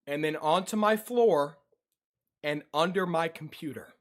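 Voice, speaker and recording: A man's voice: a little high, moderate pace, fairly bright tone. A young man chatting casually to his livestream audience, repeating himself and easily spooked. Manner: talks straight to chat, repeats his lines, easily spooked. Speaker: streamer.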